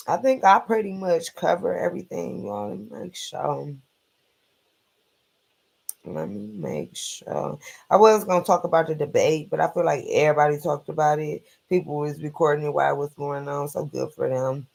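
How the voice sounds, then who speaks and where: A man hosts a casual late-night live stream, talking bluntly and with plenty of profanity as he rambles from one opinion to the next. His voice sits a little high and has a gravelly, creaky edge. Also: steady tone, brisk, darkish tone.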